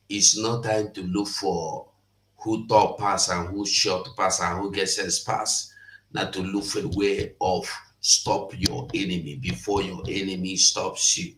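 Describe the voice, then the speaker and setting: A deep-voiced Nigerian man hosting a livestream. He talks slowly and steadily, mixing Pidgin with English. His voice echoes around a roomy space. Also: fairly bright tone. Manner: mixes Pidgin and English, measured. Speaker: host. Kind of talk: casual livestream commentary. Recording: roomy echo.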